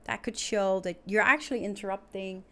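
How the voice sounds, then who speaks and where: A woman teaches a recorded English lesson at a middle pitch. She talks clearly and patiently, going through each point one step at a time. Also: fairly even intonation, moderate pace.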